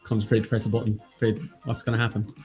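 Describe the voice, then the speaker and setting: A man's voice: on the low side, completely flat delivery, rapid-fire, darkish tone, soft background music. A man with an Irish accent co-hosting a casual online quiz, teasing his partner and announcing upcoming events. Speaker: quiz co-host. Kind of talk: casual banter on a live online quiz stream.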